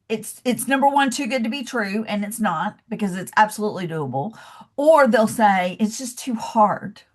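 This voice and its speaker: A woman with a Southern US accent giving a casual, encouraging webinar presentation as a coach over a video call. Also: medium pitch. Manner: chatty and encouraging, says y'all and calls listeners love.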